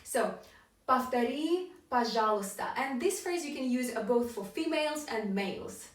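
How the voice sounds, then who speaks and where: A woman teaching a language lesson, explaining patiently and modeling each phrase with clear rising intonation. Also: on the high side, animated, moderate pace, a little mellow. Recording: roomy echo, distant from mic.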